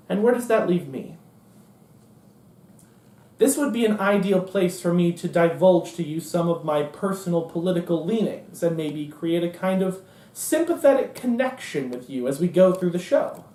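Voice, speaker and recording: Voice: mid-range voice, lively intonation, normal speed, warm tone. Profane, sarcastic stage monologuist in an echoey theater. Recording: roomy and distant.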